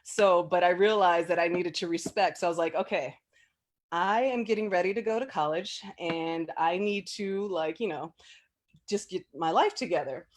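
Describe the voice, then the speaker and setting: As an interview guest, a woman with a lowish voice chats about her memories at a normal speed. She laughs a lot, uses plenty of fillers, and becomes animated when repeating what people said.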